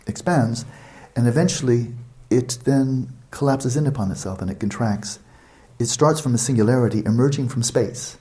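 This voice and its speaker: Male meditation teacher, lower register, mellow and relaxed tone; expansive, explanatory retreat-talk delivery with repetition and asides. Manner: expansive, explanatory, repeats words for emphasis; conversational asides to listeners.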